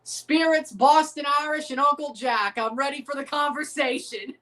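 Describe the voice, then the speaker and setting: A cold, menacing male gangster boss, as a woman puts him on for a few lines. The words come slow and threatening, in a voice pitched a little high for a hard man. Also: sharp tone.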